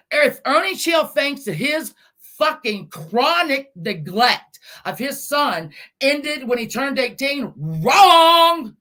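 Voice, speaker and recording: A woman ranting angrily on a live stream from her car, scolding and swearing, with bursts of shouting. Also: fairly high pitch. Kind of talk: angry live-stream rant.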